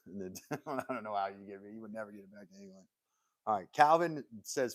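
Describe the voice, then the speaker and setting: A man's voice: on the low side, animated, fast, dry recording. A man hosting a casual live stream from his workshop, joking and rambling as he talks straight to his viewers, laughing often. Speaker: livestream host. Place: home woodworking workshop.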